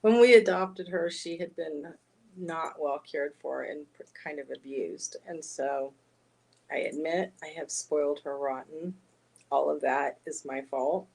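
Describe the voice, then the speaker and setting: A soft-spoken woman who reads oracle cards, chatting gently and laughing often on a live stream. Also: low-pitched, slow pace, gravelly, poor audio. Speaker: oracle card reader and spiritual guide. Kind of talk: casual live-stream chat.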